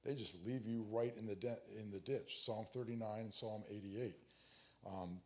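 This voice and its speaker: A man giving a sermon on prayer in a conversational, halting way, with many fillers and restarts, who reads scripture aloud with rising emphasis. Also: on the low side, steady tone, a little mellow. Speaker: prayer teacher. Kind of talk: sermon teaching.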